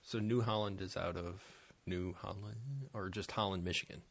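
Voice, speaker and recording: Low-voiced joking podcast co-host man. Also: normal speed, vocal fry, husky. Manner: joking, reads labels aloud with mock French. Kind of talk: casual chat.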